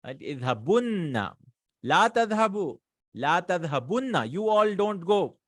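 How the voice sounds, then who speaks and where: A man's voice: high voice, sing-song, fairly quick, fairly bright tone, dry recording. Man teaching Arabic grammar, dry sound. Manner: explains patiently, mixing English and Arabic, checks with "hmm?" and "right?". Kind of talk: online grammar lesson.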